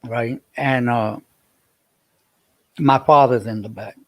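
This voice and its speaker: A man's voice: mid-range voice, fairly even intonation, slow pace, no echo. A man, livestreaming and chatting with viewers in a rambling way, repeating himself as he tells a story. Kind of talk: casual livestream chat.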